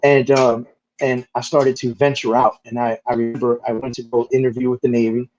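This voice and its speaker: Faint music plays behind this interview guest, a man of medium pitch telling stories fairly quickly in a relaxed, lively manner. He swears easily and fills gaps with "like," and the audio is somewhat dull and lo-fi.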